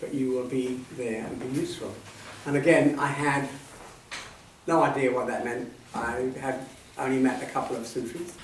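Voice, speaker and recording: A man in his seventies shares personal memories at a talk, speaking softly and reflectively and letting his sentences trail off. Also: mid-range voice, fairly even intonation, moderate pace. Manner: reflective, soft-spoken, trailing off at line ends. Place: meeting hall at a centre. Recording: echoey hall, distant mic, faint noise.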